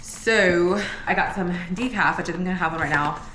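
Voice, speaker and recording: A young woman talks to the camera at home in a loose, chatty way, filling gaps with "like." She sounds tired. Her voice sits a little low, with a faint hiss in the background. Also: a little fast, fairly bright tone, echoey room. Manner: chatty, says "like" often. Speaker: vlogger. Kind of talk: casual pregnancy vlog.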